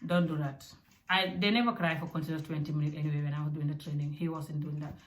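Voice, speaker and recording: A young adult woman from Africa giving parenting advice in a casual, direct, animated way. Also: low-pitched, fast. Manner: animated and direct, with acted asides. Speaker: parenting vlogger. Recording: echoey room.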